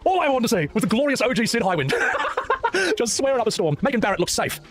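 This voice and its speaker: A man's voice: very high voice, huge pitch swings, brisk, fairly bright tone. A man streaming and chatting casually about games, opinionated and joking, prone to rants. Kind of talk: casual gaming chat.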